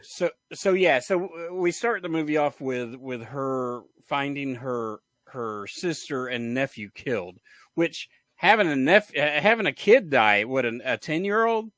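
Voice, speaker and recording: A man's voice: mid-range voice, lively intonation, a little slow, fairly bright tone, no echo, studio quality. A man co-hosting a movie podcast in casual chat, rambling through a plot recap with restarts and amused laughs. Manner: rambling, trails off and restarts, laughs at bad lines. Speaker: podcast co-host.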